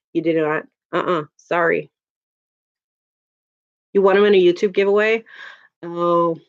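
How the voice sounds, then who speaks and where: Chatty woman on a lo-fi stream. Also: on the low side. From Chicago area, USA. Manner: chatty, laughs often, talks to chat viewers. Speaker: livestream host. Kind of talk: casual livestream chat. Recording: dull lo-fi home stream audio.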